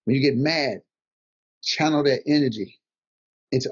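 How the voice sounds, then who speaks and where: A man's voice: medium pitch, normal speed, breathy edge. An older man, a guest comedian, giving motivational advice in conversation and acting out the things people said to him. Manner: animated storyteller, acts out quotes. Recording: dull lo-fi audio.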